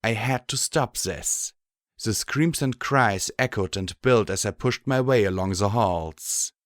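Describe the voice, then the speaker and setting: A man reading a fan fiction audiobook in a steady, measured way. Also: fairly low pitch, no echo, clean studio sound. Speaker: audiobook narrator.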